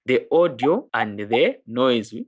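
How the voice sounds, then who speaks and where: A man's voice: mid-range voice, big pitch swings, slow pace, slightly rough. A man teaching music production in a screen-recorded tutorial, explaining each step in plain, informal words.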